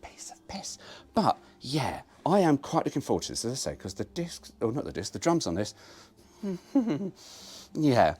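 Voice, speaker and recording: A man's voice: mid-range voice, wildly swooping pitch, normal speed, a little mellow, breathy edge. A man rambling through a casual car-repair vlog, self-mocking and swearing freely. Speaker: car restoration vlogger.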